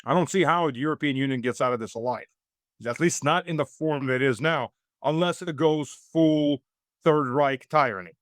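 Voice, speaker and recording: Man, guest commentator, raised in the US, sarcastic, rambling with fillers, fairly high voice, dry close sound. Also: normal speed, no echo. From United States. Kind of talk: political commentary in an interview.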